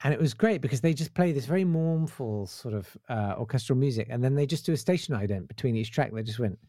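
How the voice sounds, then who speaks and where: An animated man tells a comic story in casual chat, and his pitch swings widely. He acts out the voices of other people. The sound is dry and close. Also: quick pace, dry recording.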